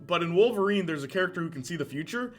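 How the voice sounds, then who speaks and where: Excitable man chatting on a live stream. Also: high voice, racing, faint music behind. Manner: excitable, chatty, laughs often, reacts to chat. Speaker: streamer ranking movies. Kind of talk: casual live-stream chat.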